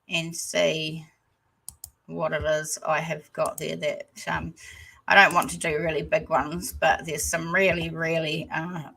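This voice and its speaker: A New Zealand woman hosting a casual livestream chat, hesitant and rambling with many pauses. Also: lowish voice, vocal fry, pushed and bright, low-quality recording. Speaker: channel host.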